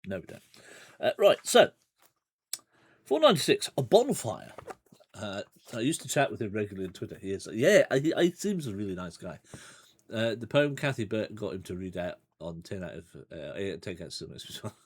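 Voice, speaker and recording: This livestreamer's voice sits on the low side, sing-song and a bit rough, and he talks briskly. He rambles casually through a gamebook playthrough, tossing in asides and laughing now and then.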